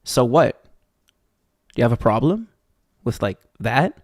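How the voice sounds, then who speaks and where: A man's voice: medium pitch, very animated, unhurried, no echo, clean studio sound. A young man from Texas streaming live, chatting loosely and reading viewer messages, rambling with lots of fillers and restarts.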